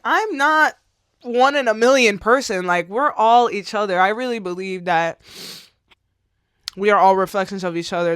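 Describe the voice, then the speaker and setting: A woman's voice: fairly low pitch, fairly bright tone, clean tone, no room sound, clean studio sound. A woman in her twenties talking candidly to camera in a vlog, rambling, slangy and swearing, tearful at times. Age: 20s. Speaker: vlogger.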